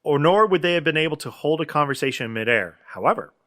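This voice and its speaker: Male podcast co-host, bright crisp voice, excitable and chatty, reads trivia in between filler words. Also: a little high, fast. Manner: enthusiastic, filler-heavy, reads trivia aloud. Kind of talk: casual movie podcast chat.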